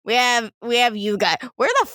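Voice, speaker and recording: A woman's voice: fairly high pitch, steady tone, moderate pace, pushed and bright, dry recording, studio quality. A woman playing a tabletop game, joking and laughing as she talks. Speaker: player. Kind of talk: casual tabletop play.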